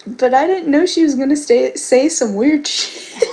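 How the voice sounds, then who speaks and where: A woman's voice: high voice, animated, measured pace, a little mellow, slight background noise. A young woman co-hosting a casual podcast, chatting loosely and laughing sheepishly. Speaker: podcast co-host. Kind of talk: casual chat.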